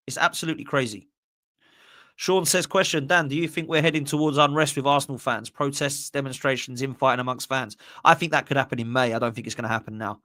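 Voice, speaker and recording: A man's voice: mid-range voice, a bit bright, no echo, clean studio sound. A man, hosting a live fan podcast and ranting passionately while reading out viewer messages. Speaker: podcast host. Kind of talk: live-stream fan rant, reading super chats.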